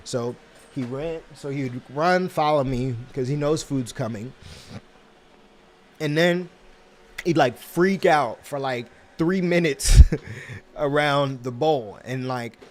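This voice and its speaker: A man hosting a casual self-help talk, rambling with many restarts and fillers, and acting out little scenes with quick put-on voices. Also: mid-range voice. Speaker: host.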